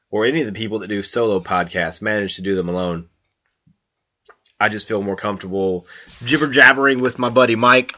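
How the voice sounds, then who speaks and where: Man, solo podcast host, bright tense voice, rambling, swears often, dull lo-fi audio. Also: mid-range voice. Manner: rambling, profane, self-mocking, full of ums and restarts. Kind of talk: casual solo podcast chat.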